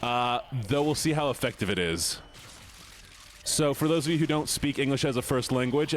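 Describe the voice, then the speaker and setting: A young man talks over his game in a loose, bouncy way, his pitch jumping all over as he jokes with chat and yelps at jump scares. He laughs a lot between lines. There is a faint hiss of noise behind him. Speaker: streamer. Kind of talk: casual live-stream commentary while gaming.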